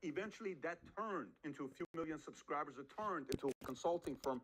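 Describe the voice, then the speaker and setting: A man's voice: a little high, animated, fast talker, fairly bright tone, a little hiss or hum, low-quality recording. A man hosting a podcast, giving motivational advice with punchy rhetorical questions and acted-out quotes. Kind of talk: motivational talk.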